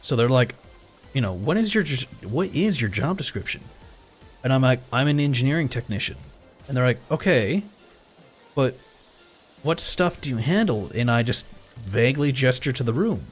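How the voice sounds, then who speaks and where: A man's voice: medium pitch, normal speed, husky, faint music behind. A man streaming live, casually telling a story full of quoted back-and-forth, with frequent swearing and chuckles. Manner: animated retelling with quoted dialogue, swearing, chuckles. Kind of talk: casual storytelling while gaming.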